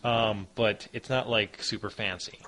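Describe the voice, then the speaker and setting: A man runs a tabletop game as its narrator, his bright, forceful voice describing scenes in a loose, halting way full of ums and likes. He sounds casual and unscripted. There is a faint hiss under the recording. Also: on the low side, steady tone. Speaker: game master.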